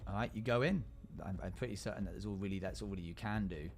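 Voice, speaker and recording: A man's voice: on the low side, faint music behind. A man narrating a role-play game as a streamer, with frequent halts and fillers. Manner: halting, filler-heavy narration.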